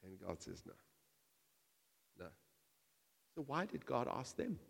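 A man preaching a sermon to his church, animated and humorous, acting out imagined voices and asides. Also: mid-range voice, slow, creaky, breathy edge, long reverb tail. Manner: animated, acts out quoted voices, jokes with the congregation. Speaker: pastor.

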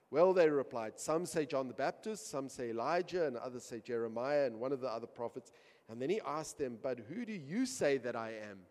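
Male pastor mid-sermon, dynamic delivery from hushed to loud, church-hall reverb. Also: medium pitch, animated, brisk. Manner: swings from quiet asides to loud emphatic storytelling.

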